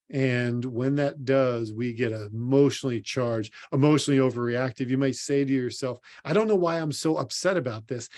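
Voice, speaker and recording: A man with a mid-range, slightly mellow voice speaks earnestly and directly to "you" in a motivational conference talk. He's a sports psychologist, and the talk was recorded for an online symposium.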